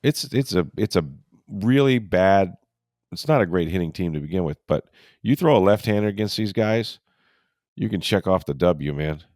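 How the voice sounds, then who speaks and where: A man with a very low voice, thick and stuffy from a cold, trading wry, grumbling sports banter. The sound is dry and close, with no room around it. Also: animated, moderate pace, a little mellow, no room sound. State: congested from a cold. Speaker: podcast co-host. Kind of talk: casual sports chat.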